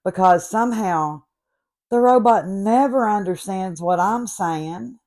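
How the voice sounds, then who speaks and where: A woman's voice: mid-range voice, slow, a little mellow. A woman in her late fifties who speaks with an accent, hosting a comedic rant in a sarcastic, exasperated storytelling manner. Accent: noticeable regional accent. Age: 50s. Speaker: host.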